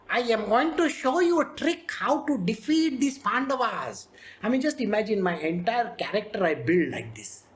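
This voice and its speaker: A spiritual teacher gives an animated scripture discourse, acting out characters and laughing often. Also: mid-range voice.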